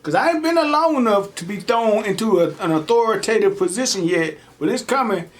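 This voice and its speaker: A man's voice: high-pitched, a little fast. A man hosting a mukbang, casually telling stories while he eats and acting out the people he quotes, in slangy, laid-back street talk. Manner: animated, emphatic, acts out the people he quotes. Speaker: mukbang host. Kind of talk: casual storytelling while eating on camera.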